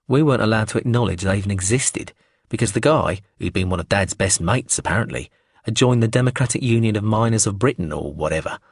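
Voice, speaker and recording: A man's voice: lowish voice, breathy edge, dry recording, clean studio sound. A man voicing a cocky, foul-mouthed male hustler in an audiobook, talking in a boastful, swaggering way. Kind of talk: audiobook character reading.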